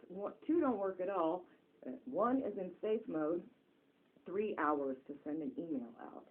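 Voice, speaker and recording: Low-voiced woman on a tinny phone recording. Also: animated, a little slow. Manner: rambling, repetitive, intense. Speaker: self-described spirit medium. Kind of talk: rambling channeling monologue to camera.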